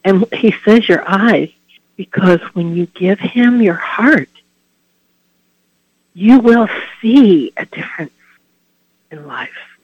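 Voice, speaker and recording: A man giving a devotional Lenten talk as a Catholic preacher, earnest and heartfelt, letting his phrases trail off softly. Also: sits high, lively intonation, slow, long pauses, husky, no room sound, dull audio.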